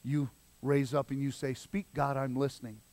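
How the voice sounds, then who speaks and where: Man doing a crusty old priest, low and weary, quiet delivery, dry sound. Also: flat delivery, moderate pace, no echo, close to an everyday voice. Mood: instructive.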